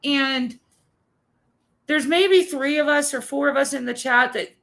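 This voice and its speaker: A woman's voice: high voice, measured pace, vocal fry, a bit bright, low-quality recording. A woman co-hosting a casual chat, telling an exasperated, ranting story. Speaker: co-host.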